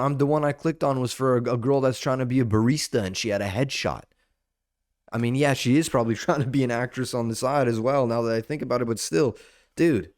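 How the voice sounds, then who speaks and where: A young man with a very low voice talks alone into a podcast mic, rambling and profane, dropping "dude" every few words. The sound is close and dry, with no room around it. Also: darkish tone, no room sound. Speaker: podcast host. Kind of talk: solo casual podcast monologue. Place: indoor podcast setup under lights.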